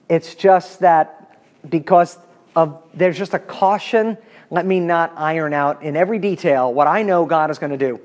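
A man in his fifties teaching a Bible class in a conversational lecture style, animated and chatty with asides to his students. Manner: animated, pitch swinging up when emphatic.

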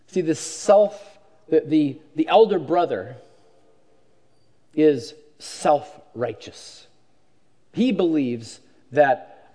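Male pastor, fairly high voice, chatty sermon delivery full of rhetorical questions. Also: animated, unhurried, warm tone. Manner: conversational preaching with rhetorical questions and restarts.

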